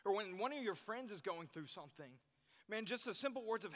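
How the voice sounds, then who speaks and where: A man's voice: high voice, animated, brisk, fairly bright tone. A young man preaching to a youth group, earnest, repeating his key phrases for emphasis. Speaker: youth pastor. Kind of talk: sermon. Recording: long reverb in a hall.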